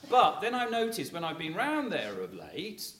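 A man's voice: a little high, huge pitch swings, moderate pace. Man telling rambling stories in an echoey room. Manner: rambling and chatty, full of fillers like "you know, kind of thing"; chuckles while telling stories. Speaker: speaker addressing a local audience. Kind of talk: anecdotal public talk. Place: room with a live audience. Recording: echoey room, faint noise.

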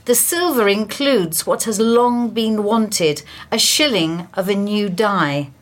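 A woman on the radio reading historical news items with expressive storytelling. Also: medium pitch, takes it slowly.

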